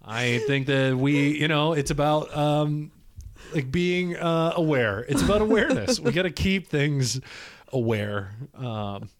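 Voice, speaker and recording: A man co-hosting a comedy podcast, trading silly deadpan jokes in casual chat. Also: on the high side, unhurried. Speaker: podcast co-host.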